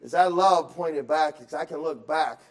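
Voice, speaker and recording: A man preaching a sermon in a high voice. He drifts between soft, reflective stretches and loud, insistent exhortation, and he repeats words and restarts as he goes. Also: moderate pace. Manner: swings from quiet musing to loud emphatic exhortation; acts out excuses in quoted voices. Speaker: pastor.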